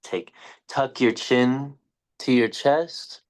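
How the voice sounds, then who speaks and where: A man's voice: medium pitch, drawn-out words. Hesitant man cueing yoga poses. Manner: hesitant, many fillers, corrects himself mid-cue. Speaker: yoga teacher trainee. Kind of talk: cueing yoga poses, then casual chat.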